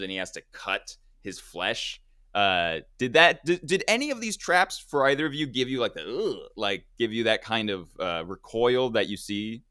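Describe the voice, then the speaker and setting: Man, podcast host, casual movie chat, rambling with fillers, smooth resonant voice. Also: fairly low pitch, sharp tone, no room sound, clean studio sound. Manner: rambling, self-correcting, many fillers.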